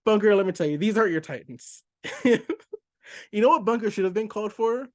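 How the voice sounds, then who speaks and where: Guy rambling about comics, kinda high voice, lots of restarts and laughs, dry close sound. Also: lively intonation, no echo. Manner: chatty, self-interrupting, quick to laugh. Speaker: comic book podcast host. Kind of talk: casual comic review.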